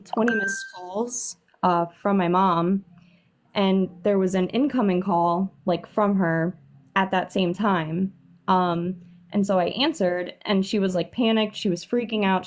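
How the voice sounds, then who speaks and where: A young woman calling in to a live stream to share a paranormal story, sounding nervous and hesitant, with many fillers and restarts. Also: mid-range voice. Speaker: caller sharing a paranormal story.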